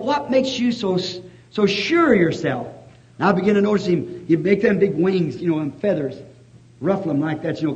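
Male preacher, high-pitched and excitable, muffled vintage recording. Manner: excitable, swings from hushed storytelling to shouting praise. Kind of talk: fervent revival sermon with storytelling. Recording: dull lo-fi archival tape.

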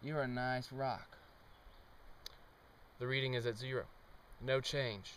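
Slow, deadpan young man outdoors. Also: mid-range voice, distant mic, a little hiss or hum. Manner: deadpan, mock-serious narration with sudden outbursts. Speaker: amateur experimenter. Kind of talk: mock-scientific comic monologue. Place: outdoors on a trail.

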